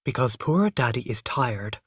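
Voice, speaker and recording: A storyteller voicing a gentle, patient young mother who speaks softly and quietly. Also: mid-range voice, sing-song, measured pace, slightly rough, no echo, clean studio sound.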